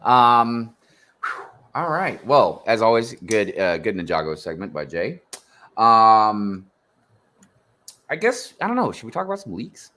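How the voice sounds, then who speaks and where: A man's voice: on the low side, very animated, measured pace, pushed and bright, slight background noise. A man hosting a casual livestream, easygoing and hesitant, with frequent ums. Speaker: host.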